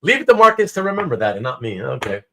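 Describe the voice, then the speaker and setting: A Canadian man hosts a casual live stream from home, chatting with viewers and telling a story that he acts out, voicing the quotes with animation. He speaks fast in a mid-range voice, with slight background noise.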